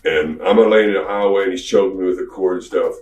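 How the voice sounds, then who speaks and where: Deep-voiced man telling stories in an echoey room. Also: fast talker, dull audio. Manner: casual, animated retelling with slangy asides. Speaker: podcast guest. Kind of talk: storytelling anecdote. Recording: echoey, distant mic.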